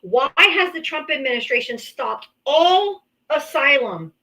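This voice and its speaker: Female livestream host, blunt and profane, bright voice; interrupts callers. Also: high voice, sing-song, unhurried, low-quality recording. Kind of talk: heated political call-in debate.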